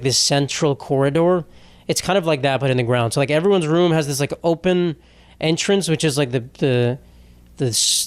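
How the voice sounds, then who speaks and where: A young man hosting a solo comedy podcast, rambling and swearing as he jumps between topics and slips into silly voices for quick asides. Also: fairly high pitch, dry recording. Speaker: podcast host.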